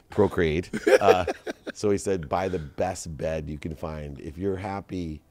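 A deep, warm-toned man speaks in a relaxed podcast conversation. He tells stories and leans on his advice by slowing down and stressing each point. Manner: storytelling, slows down to stress advice. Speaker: guest entrepreneur.

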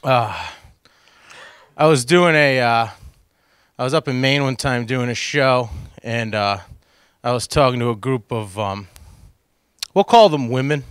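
A man's voice: mid-range voice, measured pace, long pauses, fairly bright tone, clean tone. A man doing a stand-up comedy routine on a cable access stage, talking into a handheld mic with rambling, self-deprecating asides to the crowd. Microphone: handheld microphone.

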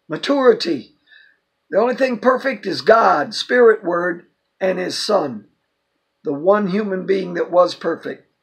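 Older man with a high, gravelly voice. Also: rough recording. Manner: emphatic, quoting scripture with quick asides. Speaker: Bible teacher. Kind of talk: informal Bible teaching.

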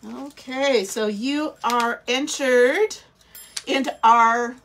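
Woman craft livestream host with a stuffy nose and a slightly high voice, slow, chatty and welcoming. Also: fairly bright tone, a little hiss or hum. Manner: chatty, welcoming, thinks aloud. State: scratchy throat, stuffy nose. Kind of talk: casual live craft demo chat. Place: small indoor craft studio.

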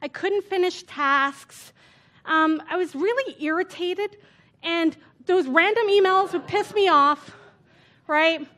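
A woman's voice: extremely high pitch, a bit bright. A woman giving a conference talk in a casual, chatty way, peppering her talk with "like" and "right?". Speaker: conference speaker. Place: conference stage before an audience.

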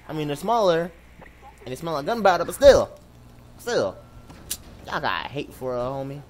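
A young man giving excitable, jokey commentary on a driving game, laughing and shouting often. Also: on the high side, moderate pace, pauses often. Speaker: gameplay commentator. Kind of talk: live let's-play commentary. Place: home room.

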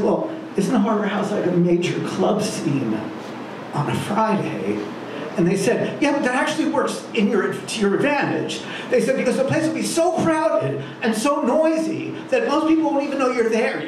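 Animated high-voiced male storyteller. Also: distant mic. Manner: animated, self-deprecating, acts out the scenes. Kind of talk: live personal storytelling. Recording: echoey room with clear background noise.

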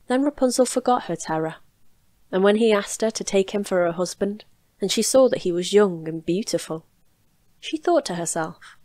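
A woman reading a fairy tale aloud in a calm, measured storytelling voice, recorded in a home studio. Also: medium pitch, no room sound.

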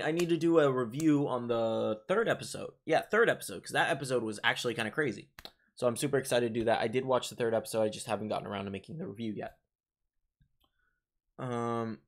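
Young male streamer, mid-pitched, loose and talkative, voice tiring a bit. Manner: rambling, chatty, many fillers and restarts. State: voice getting worn from talking. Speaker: livestream host. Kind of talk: casual live chat reading viewer comments.

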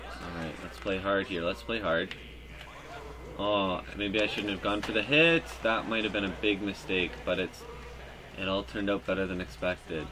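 A man giving live commentary over his own hockey video game, joking and breaking into loud cheers at big plays. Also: low-pitched, moderate pace, crowd noise. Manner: excitable, jokey, bursts into loud cheers. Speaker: gaming YouTuber.

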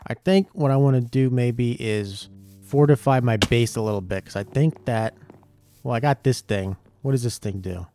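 A man giving casual gameplay commentary, excitable and swearing a lot, yelping when startled. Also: medium pitch, moderate pace, music in the background. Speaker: gaming YouTuber.

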